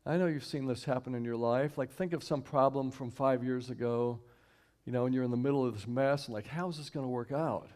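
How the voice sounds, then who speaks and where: A man's voice: mid-range voice, fairly even intonation, a little mellow. Man giving an easygoing church sermon. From Houston, Texas. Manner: conversational, repeats key lines slowly, invites the audience to join in. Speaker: guest speaker and singer at a church service. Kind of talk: inspirational sermon talk. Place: church sanctuary, live stream.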